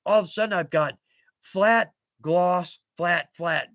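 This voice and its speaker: A man in his fifties hosts a casual livestream, his voice sitting high for a man. He rambles through stories in a chatty, self-mocking way, chuckling often. The sound is close and dry. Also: measured pace, fairly bright tone, no room sound. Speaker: livestream host.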